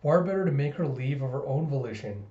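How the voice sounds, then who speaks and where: A man voicing a cold, scheming female spy in a cartoon recap, cool and deadpan, in a roomy, slightly dull recording. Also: medium pitch, fast talker, natural voice.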